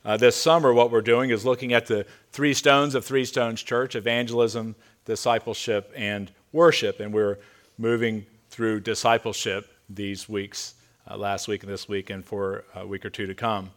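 A man's voice: lowish voice, fairly even intonation, normal speed. Earnest male pastor preaching. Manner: earnest, emphatic preaching with quieter asides. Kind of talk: sermon. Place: church sanctuary.

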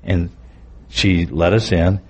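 Husky low-voiced preacher telling a story. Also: male voice, steady tone, slow. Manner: earnest, vivid storytelling with candid asides. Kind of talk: personal testimony in a sermon.

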